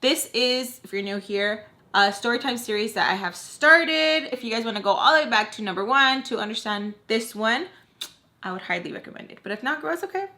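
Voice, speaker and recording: A woman's voice: a little high, expressive, fairly quick, bright, forceful tone. A young woman chatting casually to her viewers, gushing and bubbly, saying "like" a lot. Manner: gushing and bubbly, says "like" and "so freaking cute" a lot. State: tearful, crying with happiness. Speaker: storytime vlogger. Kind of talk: casual chat to camera.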